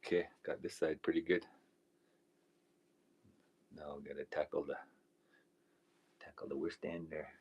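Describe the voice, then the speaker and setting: A man's voice: extremely low pitch, flat delivery, measured pace, long pauses, breathy edge, highs cut off. A man hosting a live stream, chatting casually and telling rambling folksy stories while he works, laughing often. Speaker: livestream host.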